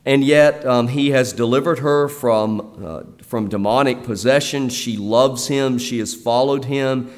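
A man's voice: mid-range voice, a little slow. A male pastor preaching a sermon in a conversational way, often restarting with fillers. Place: church. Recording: long reverb of a church hall.

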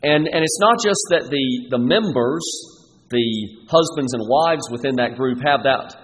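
A man's voice: mid-range voice, animated. Emphatic male preacher in reverberant hall. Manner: emphatic, measured, with frequent restarts. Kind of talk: expository sermon. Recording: long reverb with faint noise.

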